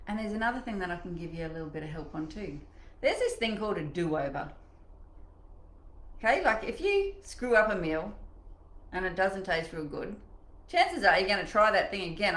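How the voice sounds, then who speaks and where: Animated woman coaching in an echoey room. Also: mid-range voice, normal speed. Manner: animated and chatty, acting out inner voices. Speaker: mindset coach. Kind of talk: live online coaching session.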